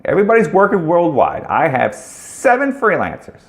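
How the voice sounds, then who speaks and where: Middle-aged guy ranting casual career advice, gravelly voice that swings up and down a lot, blunt and jokey. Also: a little high, huge pitch swings, normal speed. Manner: blunt, joking, rambling with repeated questions. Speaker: ad agency owner giving career advice. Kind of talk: casual direct-to-camera monologue.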